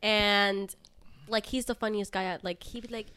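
A woman guest on a podcast, talking fast and giggling as she tells stories in casual chat. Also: mid-range voice, steady tone, sharp tone, smooth.

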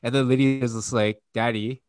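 A man in his thirties tells a loose, profane story about parenting, leaning on fillers as he goes. His voice sits a little low, and the sound is dry with no room around it. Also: moderate pace, no echo. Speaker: podcast co-host and father. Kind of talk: casual chat.

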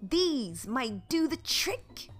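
A woman voicing a gentle old woman healer. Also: sits high, very animated, extremely slow, soft background music, full character voice.

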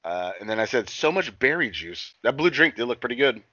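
A young podcast co-host recaps a TV episode in casual chat, rambling, swearing a lot, and acting out the characters' lines in quotes. His mid-range voice is sing-song, brisk, pushed and bright. The recording is muffled and dry, with no room sound.

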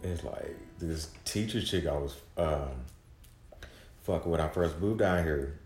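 A man's voice: extremely low pitch, a little slow, darkish tone. A man rambling through a casual, profane solo podcast monologue, full of restarts and mumbled asides. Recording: echoey room with faint guitar music.

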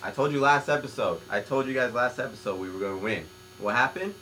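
A man's voice: medium pitch, fast, sharp tone, slight background noise. A young man hosting a podcast in loose, joking casual chat, often repeating himself. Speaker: podcast host.

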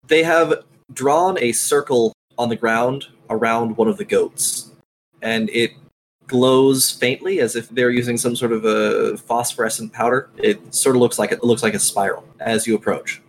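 A man running a tabletop game as game master, narrating scenes in a measured, descriptive way. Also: medium pitch, slight background noise, low-quality recording.

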